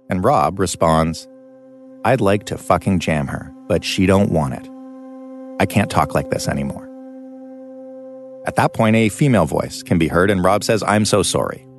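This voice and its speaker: Low-voiced guy narrating a podcast story, measured and steady, soft music under it. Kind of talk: scripted documentary narration.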